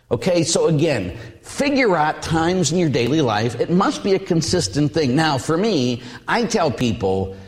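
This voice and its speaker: A man preaching a sermon as a priest, telling stories with animated voices. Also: medium pitch, big-room sound. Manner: animated storytelling, acts out voices and hugs.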